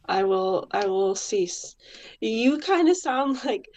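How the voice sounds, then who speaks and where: A woman's voice: fairly high pitch, expressive, takes it slowly, a little mellow. A woman co-hosting a casual live-stream chat who laughs often between her lines. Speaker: co-host.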